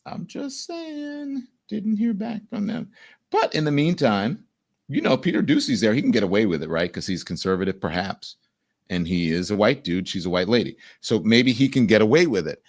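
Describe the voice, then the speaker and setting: A man's voice: lowish voice, lively intonation, brisk. Blunt, indignant male commentary host. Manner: blunt, indignant, swears freely. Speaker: show host. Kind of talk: livestream political commentary.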